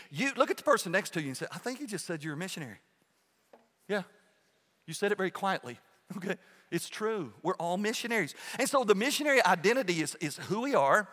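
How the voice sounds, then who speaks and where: Sharp-toned and high, this male pastor's voice fills a big-sounding sanctuary as he preaches conversationally. He keeps checking in with "okay?", restarting phrases and repeating words often.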